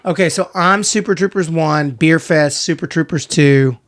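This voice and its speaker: Young Southern American man, animated. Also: on the high side, normal speed. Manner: animated storyteller, acts out quotes. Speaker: podcast co-host. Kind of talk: casual movie-review chat.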